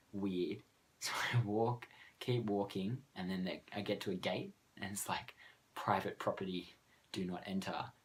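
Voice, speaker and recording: Young Australian man, low voice, casual self-mocking vlog storyteller who rambles and laughs. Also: fairly bright tone. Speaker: vlogger.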